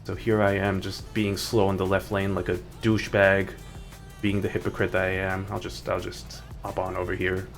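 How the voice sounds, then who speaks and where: A man's voice: low voice, monotone, moderate pace, vocal fry. A man streaming a game, chatting casually in a rambling way with many restarts. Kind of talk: casual gaming stream chat. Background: faint background music.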